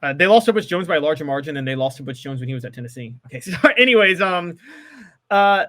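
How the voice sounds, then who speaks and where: A man runs through his picks at a clipped, rapid pace, his tone bright and forward. He has the polished, upbeat delivery of someone trained in broadcasting, chatting casually on a sports podcast. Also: fairly high pitch, expressive. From American South. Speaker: co-host giving betting picks.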